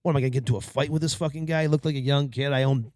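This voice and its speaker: A man co-hosting a podcast, telling a story in casual chat, profane and animated, acting out what people said. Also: mid-range voice, very fast, dry recording, studio quality. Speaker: podcast co-host.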